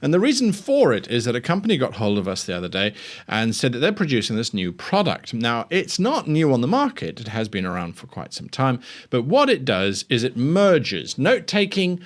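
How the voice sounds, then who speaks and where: A man's voice: mid-range voice, huge pitch swings, moderate pace. A man hosting a show, giving tabletop game master advice in a chatty, self-deprecating way. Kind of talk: casual instructional talk.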